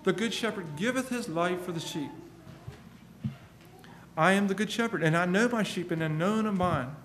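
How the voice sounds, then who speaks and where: A man with a high, emphatic voice delivers a sermon and reads scripture passages aloud. He sounds earnest throughout. The recording rings with the echo of a roomy space and carries a faint background hum. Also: normal speed, fairly bright tone. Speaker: preacher.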